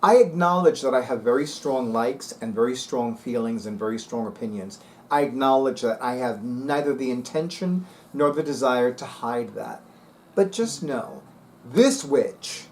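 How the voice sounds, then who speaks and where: A man's voice: medium pitch, moderate pace, slight background noise. A man talking casually to viewers as a vlog host, sassy, emphatic and dramatic. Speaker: spiritual video host.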